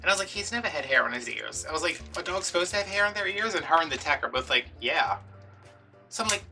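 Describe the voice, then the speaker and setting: A man's voice: on the high side, fast, vocal fry, far from the mic, soft background music. Chatty man telling a story. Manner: chatty, animated, acts out quotes. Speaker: craft vlogger. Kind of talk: casual storytelling while crafting.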